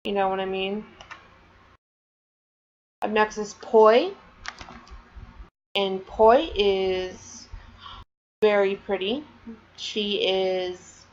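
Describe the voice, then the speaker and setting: A woman's voice: medium pitch, steady tone, extremely slow, long pauses, a little mellow, dull audio, a little hiss or hum. A woman casually chatting on a vlog, showing off her collection and rambling with lots of "um" and "like.". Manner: chatty, rambling, many fillers. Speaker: vlogger. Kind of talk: casual show-and-tell.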